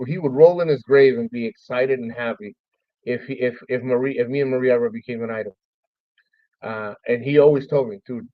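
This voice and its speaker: A man telling a personal story with emotion, often halting and repeating words, with some swearing. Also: mid-range voice, no echo, highs cut off. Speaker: streamer host.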